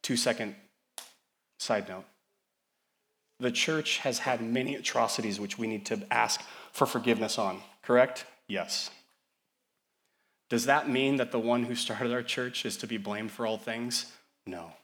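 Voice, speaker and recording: A man in his young adult years, preaching a sermon as pastor. His delivery is impassioned, lifting into loud, high appeals to the congregation before sinking into hushed, gentle stretches. He sits at a middling pitch for a man. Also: a little slow, pauses often. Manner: impassioned, swinging from loud calls to hushed tender passages.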